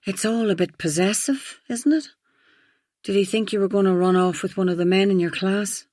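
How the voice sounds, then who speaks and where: A woman's voice: mid-range voice, moderate pace, darkish tone, no room sound, clean studio sound, lightly acted. A woman reading an audiobook, voicing a tipsy, blunt middle-aged friend who talks frankly with a slight slur. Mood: blunt confiding. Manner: slightly slurred, frank and rambling.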